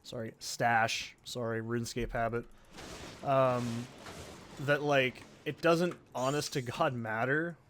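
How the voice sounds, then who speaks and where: A man's voice: medium pitch, fairly even intonation, slow pace, a bit bright, a little hiss or hum. A man hosting a let's play, giving rambling, profane, self-deprecating gameplay commentary.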